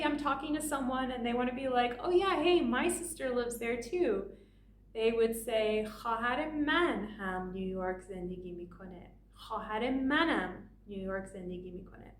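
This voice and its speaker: A woman teaching a grammar lesson, explaining slowly and patiently and spelling out each example. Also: on the high side, a little hiss or hum. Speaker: language teacher. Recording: echoey room from a distance.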